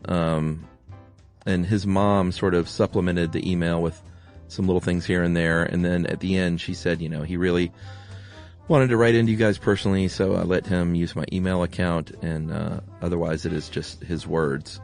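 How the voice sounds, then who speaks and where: A man's voice: deep voice, level tone, moderate pace, vocal fry, a little mellow, soft background music. A man co-hosting a podcast in casual chat, reading a listener's email aloud with light humor. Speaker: podcast co-host.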